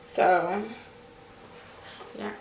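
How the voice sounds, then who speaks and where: A woman's voice: extremely slow, a little hiss or hum. A young woman vlogger telling a personal story in a casual, chatty way, talking to her viewers while settling a baby at home. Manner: chatty, addresses viewers as "you guys" and "y'all"; acts out voices in her stories. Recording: echoey room, mic at a distance.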